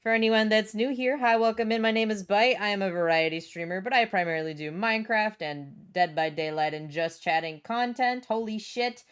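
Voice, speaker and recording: A woman's voice: medium pitch, a little fast, few pauses, clear, resonant tone. A young adult woman streaming casually from home, bubbly, swearing freely and reading chat aloud.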